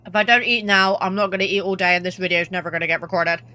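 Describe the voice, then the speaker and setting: A young woman doing chatty let's-play commentary, apologetic and quick to swear. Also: lowish voice, fairly even intonation, bright, forceful tone. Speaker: gaming youtuber. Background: game music.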